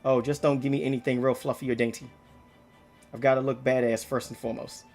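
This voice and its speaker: A man's voice: mid-range voice, level tone, fast, darkish tone, faint music behind, lightly acted. A man reading game dialogue aloud, voicing a brash young female knight who swears casually and talks with swagger. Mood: cocky.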